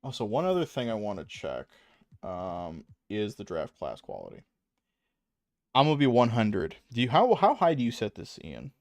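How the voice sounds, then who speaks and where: A man's voice: fairly low pitch, wildly swooping pitch, normal speed, creaky, no room sound. A young adult man streaming a video game, rambling and self-mocking with a lot of swearing and frequent laughs. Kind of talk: casual gaming stream commentary.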